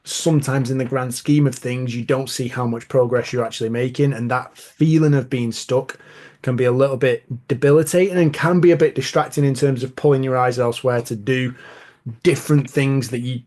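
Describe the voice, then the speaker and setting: A man's voice: medium pitch, darkish tone. A man hosting a podcast, telling rambling stories in a casual chatty way. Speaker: podcast host.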